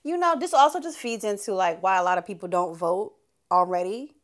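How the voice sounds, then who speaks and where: Woman, mid pitch, podcast co-host, casual, emphatic, outspoken. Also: a little fast. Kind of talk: casual chat.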